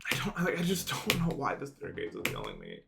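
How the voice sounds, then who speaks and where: A man's voice: mid-range voice, huge pitch swings, vocal fry. Profane ranting streamer guy. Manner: profane, ranting, quick swings into loud frustrated outbursts. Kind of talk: casual livestream chat while gaming. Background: music playing.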